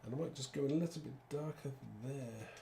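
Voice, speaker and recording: A man with a brisk, mellow, mid-range voice hosts a live card-making demonstration, chatting to viewers as he works. The room is echoey, with faint background noise.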